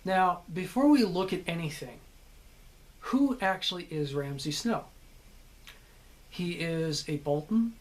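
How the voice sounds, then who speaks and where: A man's voice: high-pitched, expressive, measured pace, long pauses. A middle-aged American man, an actor, explaining character and accent work in a casual, conversational way, often checking in with "okay?". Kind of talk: casual acting lesson to camera.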